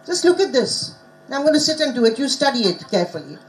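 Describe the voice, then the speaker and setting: A woman's voice: high-pitched, big pitch swings, fast, a little hiss or hum, poor audio. A woman giving an academic conference lecture in a teacherly way, often asking the audience rhetorical questions. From Bengal, India. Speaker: conference speaker on language teaching.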